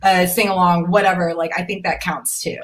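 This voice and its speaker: A woman hosting a casual group chat, talking in quick, halting restarts. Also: fairly low pitch, steady tone. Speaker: podcast host.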